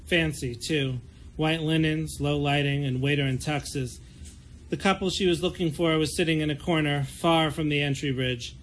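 A man, an author, giving a steady, measured reading of his own fiction. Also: fairly high pitch, a little hiss or hum.

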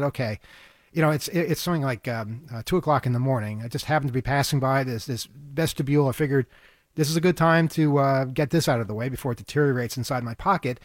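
A man co-hosting a radio talk show rambles through a story in casual chat, tripping over repeated words and laughing often. He's from New York State, with a medium-pitched voice at a slightly fast pace, recorded in clean studio quality with no echo.

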